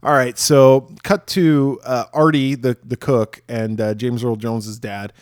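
A man's voice: medium pitch, little pitch movement, measured pace, a little mellow, dry recording, studio quality. A man co-hosting a podcast, casually retelling a horror film's plot with plenty of swearing. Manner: swears freely, retells scenes with acted quotes. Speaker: podcast co-host. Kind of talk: casual film discussion.

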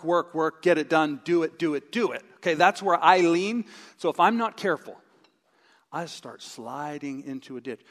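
A middle-aged male pastor preaching a sermon with a live stage demonstration, animated and acting out his own inner voice with groans. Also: on the high side. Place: church sanctuary. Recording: long reverb of a large hall.

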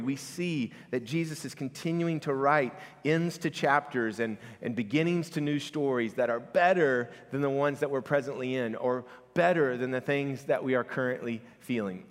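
A man preaching an earnest, conversational sermon as a pastor to his congregation. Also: medium pitch. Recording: long reverb of a church hall.

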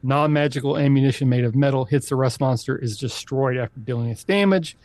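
A man hosting a podcast, chatting casually through improv games with animated, high exclamations. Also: fairly quick, dry recording. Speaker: podcast host. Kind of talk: casual improv game chat.

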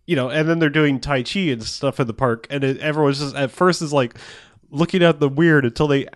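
A man's voice: on the high side, fairly quick. A man co-hosting a podcast, recapping a movie in casual chat, rambling and swearing, laughing often and acting out quotes. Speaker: podcast co-host.

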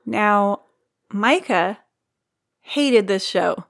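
A woman's voice: medium pitch, lively intonation, very slow, creaky, no echo, studio quality. A woman co-hosting a podcast in casual chat, joking and self-deprecating, swearing now and then. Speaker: podcast co-host.

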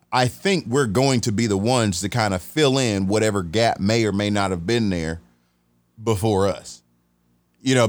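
A man from Atlanta hosting a podcast, telling a story in a casual, animated way, restarting sentences and acting out the voices he quotes. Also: fairly low pitch, no echo. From Atlanta, USA.

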